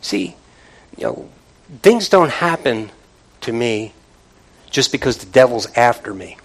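A man's voice: medium pitch, big pitch swings, measured pace, a bit bright, poor audio. A man preaching a sermon from the pulpit in a conversational way, calling out to the congregation. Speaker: pastor. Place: church, from the pulpit.

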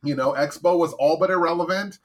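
A man's voice: on the high side, brisk. A man hosting a casual podcast chat, giving blunt, profane, rambling opinions. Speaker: podcast host.

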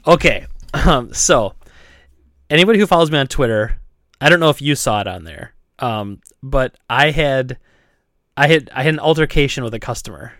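A man's voice: mid-range voice, moderate pace, no echo, studio quality. A man, a store owner, chatting casually on a podcast, telling a story with laughs and acted-out voices. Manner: animated, laughing, acts out voices.

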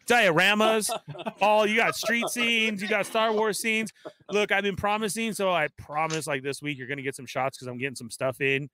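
Bright, high-voiced male stream host. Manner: energetic, reads viewer shout-outs rapid-fire. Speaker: livestream host. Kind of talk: casual live-stream chat.

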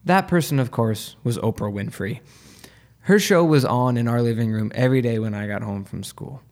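A man's voice: medium pitch, moderate pace, darkish tone. A man tells a personal story for a live audience. His delivery is dry and wry, and he lets the jokes land without pushing them.

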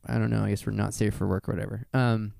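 A man's voice: fairly low pitch, level tone, quick pace, gravelly, dark tone, dry recording, clean studio sound. A man hosting a podcast, talking loosely and rambling, laughing often. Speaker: podcast host. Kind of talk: casual podcast chat.

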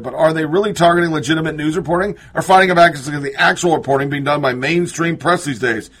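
A man's voice: a little high, fast, hardly any pauses, a bit bright, husky. A man reading news articles aloud and breaking off with sarcastic asides, sometimes drifting away from the mic. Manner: sarcastic asides, reads quotes then scoffs. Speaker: political commentator.

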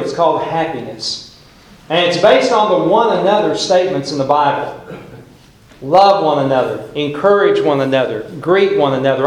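A middle-aged male pastor preaching with a folksy, storytelling manner and dramatic pauses. His voice sits fairly high for a man, and the sound rings heavily around a big echoey church hall. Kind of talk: sermon. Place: church sanctuary.

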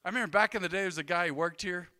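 A man, a pastor preaching a sermon in a conversational, joking way with animated storytelling. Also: high-pitched, rapid-fire, smooth, big-room sound.

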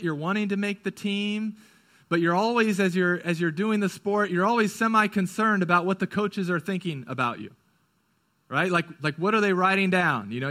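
A male pastor preaching a sermon, moving from quick, urgent stretches to hushed, slow ones. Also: high-pitched.

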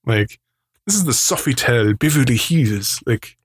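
A man in casual podcast chat, talking at an ordinary middle pitch. He rambles along, laughs often, and slips into the voices of the people he quotes. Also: lively intonation, a little slow, husky. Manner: rambling storyteller who acts out quoted voices; laughs often between remarks. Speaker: podcast co-host.

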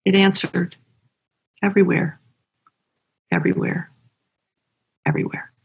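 A woman reads a short poem aloud, slow and measured. Her voice has a gravelly, husky grain, and her pace is unhurried. She leaves long pauses between the lines. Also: lowish voice, sing-song. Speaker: guest reading a poem. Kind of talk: slow poetry reading.

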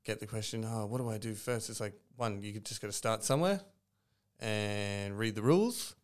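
Relaxed, earnest man, low-pitched and smooth, podcast guest. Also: moderate pace. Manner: relaxed, earnest, thinks aloud. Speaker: podcast guest from a coffee roaster. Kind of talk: casual podcast interview.

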